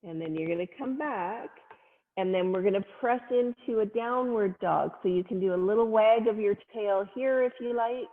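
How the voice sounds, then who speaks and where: A woman leading a family yoga class, cueing poses gently and playfully with little animal sounds. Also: medium pitch, normal speed. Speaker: yoga instructor. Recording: phone-like sound in a long-echo room.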